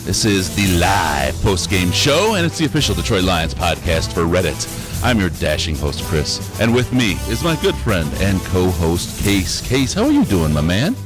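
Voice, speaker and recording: A man hosting a live sports podcast, running through announcements in an upbeat, animated way. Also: deep voice, normal speed, over music. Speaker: podcast host.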